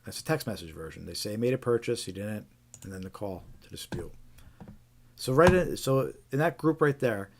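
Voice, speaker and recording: A man's voice: lowish voice, expressive, normal speed, gravelly, a little hiss or hum. A man hosting a live stream, casually reading out reports with frequent fillers and restarts. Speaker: host.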